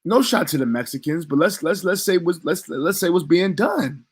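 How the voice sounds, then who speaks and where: Male vlogger, slightly high voice, indignant profane rant. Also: animated, normal speed, slightly rough. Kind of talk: heated commentary rant.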